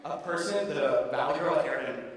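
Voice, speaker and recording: High-voiced teen boy doing stand-up in a big echoey hall. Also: fast talker, slight background noise. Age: teens. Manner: animated, rambling, self-mocking. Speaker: student comedian. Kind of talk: stand-up comedy routine. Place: large school auditorium stage. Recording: roomy echo from far off, audience ambience.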